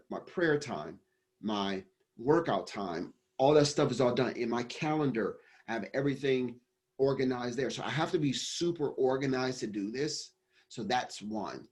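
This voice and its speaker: A man's voice: medium pitch, darkish tone. Rambling man answering an interview. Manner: rambling, many restarts and fillers. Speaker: business coach and company founder.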